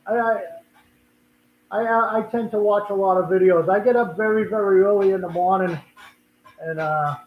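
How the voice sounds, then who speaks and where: An older man with a Boston accent rambles through a casual livestream chat, often repeating and restarting his words. His voice sits fairly high for a man. The sound is thin and phone-like, with a lot of room echo. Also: steady tone, moderate pace, pauses often, slight background noise. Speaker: livestream host. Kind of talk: casual live stream chat.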